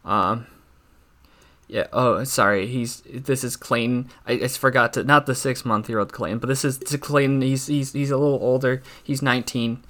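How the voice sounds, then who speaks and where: A man's voice: mid-range voice, fairly even intonation, fairly bright tone. Young guy doing awkward stand-up, stammers and restarts all the time, lots of ums. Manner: halting, stammering, full of fillers and restarts. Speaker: stand-up comic. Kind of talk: awkward deadpan stand-up act.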